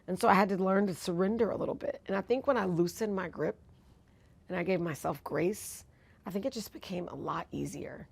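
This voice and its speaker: A woman's voice: on the low side, fairly quick, vocal fry, breathy edge. A woman in her forties, a TV news host and author, telling personal stories in an interview in an earnest, reflective way. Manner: earnest, reflective, animated when retelling moments.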